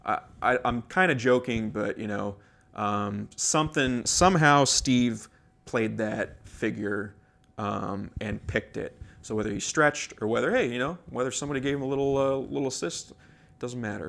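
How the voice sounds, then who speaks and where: A man's voice: medium pitch, moderate pace, creaky, a bit bright. A man walking through a guitar solo in a casual lesson, rambling with many fillers and restarts, a bit out of breath. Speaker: guitar teacher.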